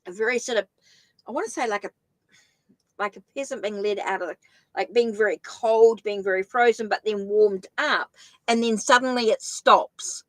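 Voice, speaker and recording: A middle-aged New Zealand woman gives a tarot reading on a live stream in a mid-pitched voice. She muses aloud, circling back and restarting her sentences as she goes. The sound is dry and close, with no room echo. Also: normal speed. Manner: chatty, thinks aloud, many restarts. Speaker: tarot reader.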